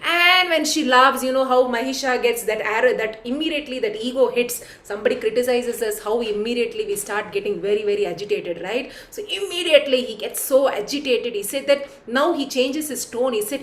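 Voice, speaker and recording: Woman storyteller, animated, high voice, roomy echo. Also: fairly quick, few pauses. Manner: animated, addresses listeners directly. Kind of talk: devotional storytelling.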